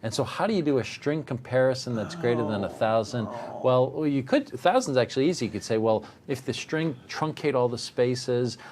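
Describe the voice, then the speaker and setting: A middle-aged man teaching a technical course live, animated and joking, sometimes acting out little voices. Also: medium pitch, a little fast, few pauses, background noise. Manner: animated, jokey, acts out voices. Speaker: instructor. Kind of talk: live technical demo with banter.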